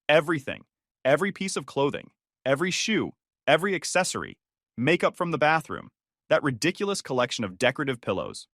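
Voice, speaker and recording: A male narrator reads a first-person story in a calm, matter-of-fact manner. His pitch moves a lot, and the sound is close and dry. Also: dry recording.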